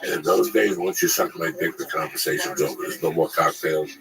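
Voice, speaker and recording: Gravelly man telling crude stories. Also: extremely low pitch, fairly quick, over a noisy crowd, rough recording. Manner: crude, animated, acts out the people in his stories. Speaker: comedian. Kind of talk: casual storytelling chat.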